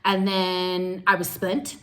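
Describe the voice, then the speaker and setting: A woman telling a story casually to her viewers, animated and slangy, laughing as she goes. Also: fairly low pitch, slow pace.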